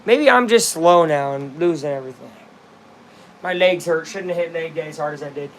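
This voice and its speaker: A young man giving casual play-by-play as he watches a baseball game live, rambling between pitches and bursting into shouts at big hits. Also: brisk, slight background noise. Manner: chatty, rambling, erupts into shouts at big plays.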